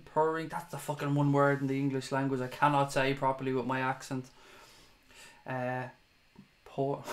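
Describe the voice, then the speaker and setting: Host, young man, casual chat, mid-pitched, swears freely. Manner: chatty, swears casually, laughs at himself. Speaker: fan show host reading viewer comments.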